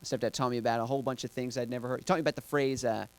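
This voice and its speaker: Give me a man doing dry observational stand-up, smooth and clear. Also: medium pitch, steady tone, racing. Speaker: stand-up comedian. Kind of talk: stand-up comedy set.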